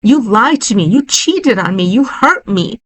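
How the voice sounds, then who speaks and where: A woman's voice: on the high side, lively intonation, a little slow, pitched above the performer's own voice. A woman reading a horror story aloud, voicing a distraught, betrayed wife who speaks in a tearful, insistent way.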